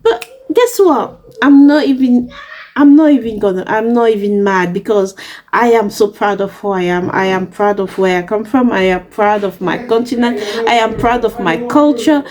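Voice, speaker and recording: A woman's voice: medium pitch, normal speed, a little mellow. A young woman from Africa telling a story to camera in a passionate, indignant and emphatic way. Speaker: vlogger. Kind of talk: casual storytelling rant to camera.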